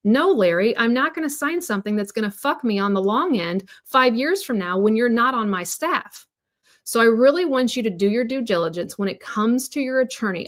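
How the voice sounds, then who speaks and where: Blunt, swearing woman coaching on a livestream. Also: mid-range voice. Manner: blunt and emphatic, swears freely. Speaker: divorce coach.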